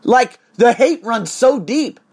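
Husky, heated voice ranting with swinging pitch. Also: big pitch swings, moderate pace. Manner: profane, emphatic, heated. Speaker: English teacher in Bangkok. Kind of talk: casual ranting vlog.

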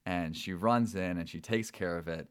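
A man's voice: sits low, moderate pace, no room sound, clean studio sound. A young adult man hosting a podcast, telling a personal story in a rambling way with fillers and repeated words. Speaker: podcast host.

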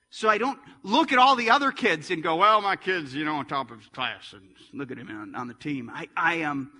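Slightly high and ringing, the voice of a middle-aged pastor moves from forceful, loud stretches into quiet, hushed moments as he delivers his sermon in church. Each phrase trails off into long reverb, with a little hiss or hum in the background.

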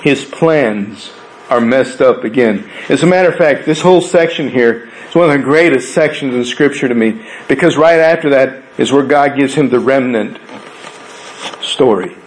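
A man preaching a sermon in a conversational way, asking rhetorical questions and swinging between raised emphatic lines and hushed low ones. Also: moderate pace, rough recording. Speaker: pastor.

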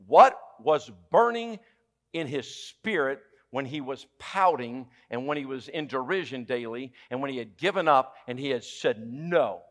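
A pastor with a Southern US accent preaches a sermon in a church sanctuary, his medium-pitched voice lively in intonation at normal speed. He's emphatic and funny, swinging from loud exclamations to hushed lines and posing questions to the congregation.

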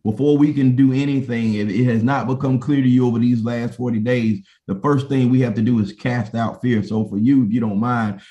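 A man's voice: medium pitch, fairly even intonation, a little fast, few pauses, warm tone, muffled recording. A man preacher delivering a sermon in a passionate, repetitive, call-and-response manner.

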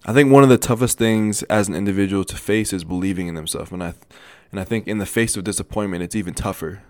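Young man with a low, earnest voice. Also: dry recording. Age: young adult. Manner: earnest, casual, addresses listeners as "man" and "guys"; halting, with restarts and stutters. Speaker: podcast host. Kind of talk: motivational solo podcast talk.

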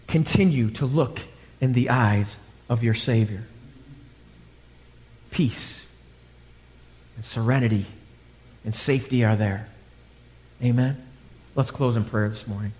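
A pastor with a medium-pitched, darkish voice delivers a live sermon, unhurried and pausing often. He dramatizes a story by performing the characters' voices, recorded in a church sanctuary with long reverb.

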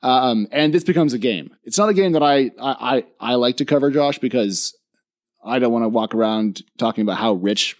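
A man's voice: medium pitch, normal speed. A man speaking as a podcast guest, explaining at length in casual chat, with frequent ums and restarts and a sleepy morning voice.

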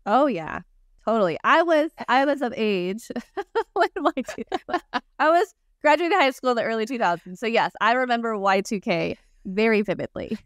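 A woman in her forties co-hosting a casual podcast, chatty and telling quick anecdotes. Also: a little high, animated, no room sound, clean studio sound. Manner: chatty, tells quick anecdotes with light laughter. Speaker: podcast co-host. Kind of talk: casual conversational podcast chat.

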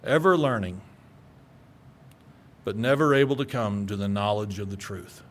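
A man's voice: lowish voice, normal speed. A male pastor preaching a sermon in an earnest, conversational way that climbs into emphatic peaks.

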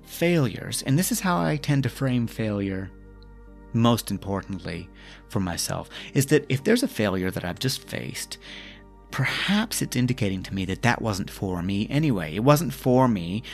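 Podcast host, male, low gravelly voice, gentle coaching delivery with faint music under it. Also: sing-song, moderate pace. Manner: gentle, coaching, asks the listener questions. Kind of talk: reflective self-help talk. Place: lives in Scotland.

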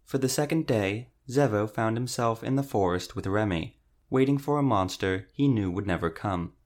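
A man narrating an audiobook in a steady, even reading voice. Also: lowish voice, moderate pace. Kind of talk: scripted narration.

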